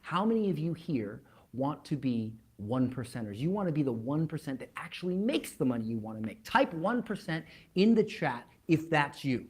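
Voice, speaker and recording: A man's voice: a little high, sing-song, moderate pace, hardly any pauses, darkish tone, husky. A man speaking as a motivational speaker, telling a story to an online audience, emphatic and repeating words as he builds up, then dropping almost to a whisper. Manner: emphatic, with dramatic drops to near-whispers.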